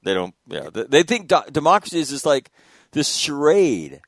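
A man and military veteran telling war stories in a casual chat, animated and swearing freely. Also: fairly high pitch, moderate pace, dry recording. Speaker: podcast host, military veteran.

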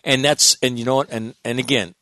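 A man's voice: medium pitch, steady tone, fairly quick, bright, forceful tone, no room sound, studio quality. A middle-aged man, a Marine veteran guest, telling stories in an emphatic, blunt and profane way. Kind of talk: candid storytelling interview.

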